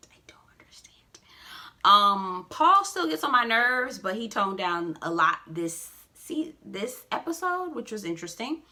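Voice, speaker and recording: A woman chats through a casual recap, sassy and expressive, with frequent asides. Her voice is very bright and sharp, and her pitch climbs and dips in a lively way. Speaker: reality show recap vlogger.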